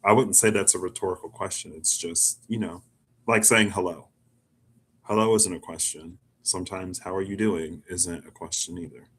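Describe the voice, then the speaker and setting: A man's voice: low voice, normal speed, fairly bright tone, husky. A man doing a casual self tarot reading, musing and rambling with lots of "like". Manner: musing, rambling, chatty with filler "like". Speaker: tarot reader.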